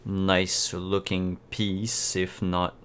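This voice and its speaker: A man voicing a haughty, condescending male art buyer in a tabletop game, drawling slowly. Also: low voice, flat delivery, fairly bright tone, slight background noise.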